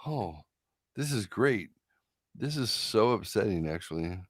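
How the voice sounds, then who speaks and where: A man's voice: lowish voice, lively intonation, measured pace, husky, dry recording, clean studio sound. A man hosting a live stream, reacting to results with profane, incredulous, theatrical commentary. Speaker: streamer host.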